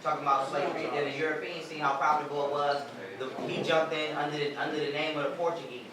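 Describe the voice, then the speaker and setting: High-voiced man lecturing bluntly, echoey and distant. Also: flat delivery, quick pace. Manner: blunt, profane, emphatic, laughs at his own jokes. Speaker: street lecturer addressing a small group. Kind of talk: informal lecture to listeners. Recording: echoey space, mic far away, crowd audible.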